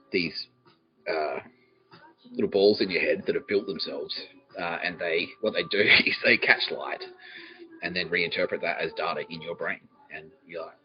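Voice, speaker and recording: A man's voice: low-pitched, muffled recording. A man with an Australian accent hosting a podcast, telling a rambling comic story full of swearing and laughter, slipping into quoted voices. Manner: profane, laughing, jumps between quoted voices. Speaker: podcast host.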